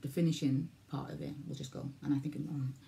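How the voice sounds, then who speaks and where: Welsh woman vlogger, 40s, dark gravelly voice, rambles and repeats herself. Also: deep voice, steady tone, brisk, slight background noise. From Wales. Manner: rambling, repeats herself, loses her thread. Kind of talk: casual vlog talk to camera.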